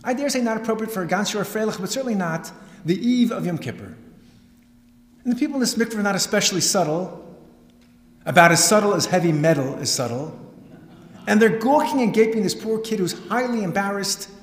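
A middle-aged man lectures like a seasoned storyteller, building suspense and dropping dry jokes. His voice sits somewhat high for a man. The sound carries the roomy, lingering echo of a large hall. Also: brisk. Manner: dramatic, animated storyteller with wry asides. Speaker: rabbi and lecturer. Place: synagogue hall. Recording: echoey hall with long reverb.

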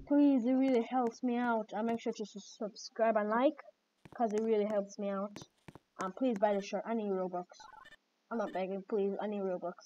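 A woman hosting gameplay commentary, excitable and reacting with repeated exclamations. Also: mid-range voice, normal speed. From Jamaica. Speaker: gaming channel host. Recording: dull lo-fi mic with faint noise.

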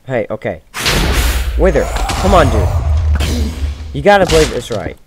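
A man giving casual commentary over his own game, jumping from loud excited shouts to low mumbled asides. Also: measured pace. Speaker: gaming video host. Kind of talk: casual let's-play commentary. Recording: noisy home gaming recording.

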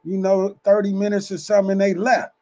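A man's voice: high-pitched, little pitch movement, fast, warm tone, natural voice. A man voicing a young woman worker who hesitantly reports news over the phone, stammering and restarting. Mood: reporting.

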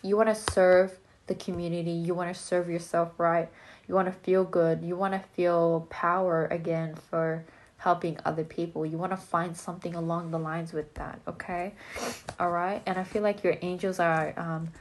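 A woman's voice: on the low side, little pitch movement, moderate pace. A young Australian woman giving a live collective tarot reading in a casual, blunt, joking way, with the odd swear word. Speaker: tarot reader.

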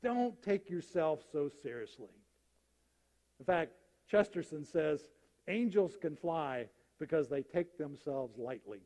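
High-voiced storytelling preacher, reverberant church. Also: male voice, slow. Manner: animated storyteller acting out jokes. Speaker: pastor. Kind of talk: sermon with humorous stories. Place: church sanctuary.

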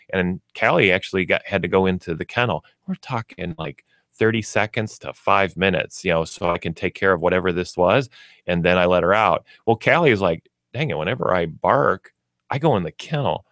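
Brief: very low-voiced man, dry studio sound, patient pet-training explainer on radio. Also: a little fast, fairly bright tone, no echo. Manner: explanatory, uses everyday examples and acts out pets. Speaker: pet store expert guest. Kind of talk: radio talk show.

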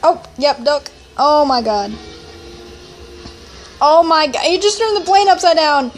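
A woman YouTuber giving casual reaction commentary on a cartoon, giggling often and calling out excited exclamations. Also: high voice, measured pace.

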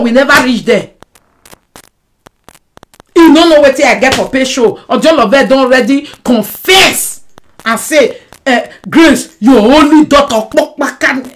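High-voiced Nigerian Pidgin woman ranting. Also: poor audio. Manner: emphatic, with constant rhetorical "eh?" asides; swings from loud outbursts to low muttering. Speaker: vlogger addressing a rival. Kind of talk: animated personal monologue.

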